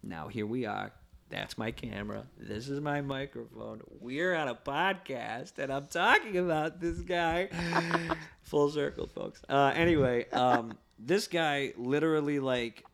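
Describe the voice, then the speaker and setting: A man's voice: medium pitch, unhurried, gravelly, slight background noise. A man co-hosting a podcast in casual chat, telling stories and acting out quotes in goofy voices. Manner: animated storytelling, acts out quotes in funny voices. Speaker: podcast co-host.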